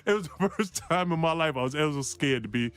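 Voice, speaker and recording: Guy telling a wild story, laughs a lot, does voices, cusses, very animated. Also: a little high, fast. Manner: laughing, acts out voices, swears casually. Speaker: former player telling a story. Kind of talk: animated anecdote in an interview.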